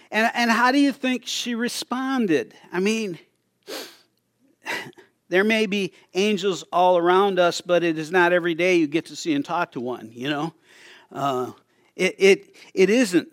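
A man's voice: fairly high pitch, no room sound, clean studio sound. An older man, a grandfather, preaching a sermon, telling the story in a chatty way with small laughs and repeated words. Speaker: pastor.

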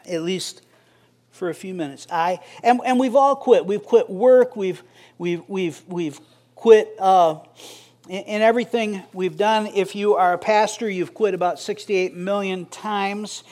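A man's voice: high voice, darkish tone. A middle-aged man preaching a sermon as pastor, conversational and joking with the congregation.

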